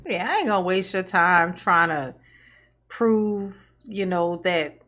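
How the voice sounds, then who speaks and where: A woman's voice: on the low side, expressive, takes it slowly, a bit bright. A woman giving casual live-stream reaction commentary, sarcastic and mocking, often laughing.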